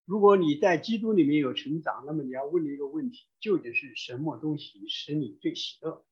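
Brief: male church interpreter, husky voice, a bit high, lo-fi sound. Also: fairly quick. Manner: fluent, with frequent hesitation fillers. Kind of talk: live sermon interpretation. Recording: dull lo-fi sound.

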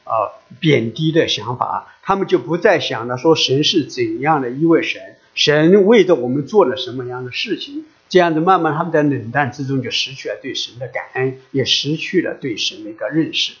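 A man interpreting a sermon sentence by sentence, measured and with hesitant fillers. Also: mid-range voice, lively intonation. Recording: dull lo-fi recording.

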